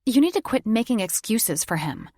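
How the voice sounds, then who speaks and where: A hot-tempered young heroine, voiced by a woman narrator, bites off her words in an audiobook. Her voice sits higher and louder than the reader's low, gravelly narration, blunt and cutting. The sound is close and dry. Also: big pitch swings, normal speed, no echo, full character voice. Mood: furious. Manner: angry, snapping, blunt. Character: fiery young woman, twenty, shifter heroine.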